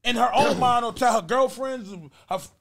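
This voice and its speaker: A man's voice: very high voice, level tone, moderate pace, a bit bright. A man talking as a guest in a casual group chat, emphatic and repeating his points. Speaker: podcast guest.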